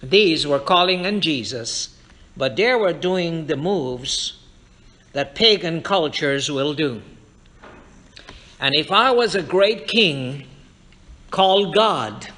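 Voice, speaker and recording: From the pulpit of a church sanctuary, a pastor preaches fervently, addressing his congregation directly and weaving in scripture. His voice sits high for a man and has a bright, forceful edge.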